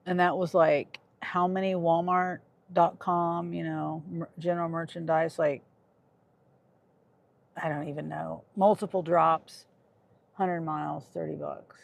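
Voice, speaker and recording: Recorded in lo-fi sound, a woman from Kansas livestreams about her gig driving in a low, creaky voice with little pitch movement and a measured pace. She responds to her chat irritably, trailing off as she goes.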